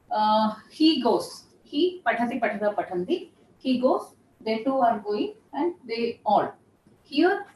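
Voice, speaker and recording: Lively high-voiced woman professor lecturing. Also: slight background noise. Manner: patient, repeats terms while explaining. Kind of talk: classroom lecture. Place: lecture room. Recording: echoey room, voice from far off.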